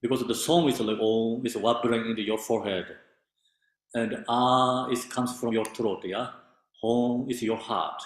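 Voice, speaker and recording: A man teaching meditation in halting non-native English with many fillers, explaining patiently. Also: mid-range voice, fairly even intonation. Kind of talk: meditation instruction. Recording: very echoey room.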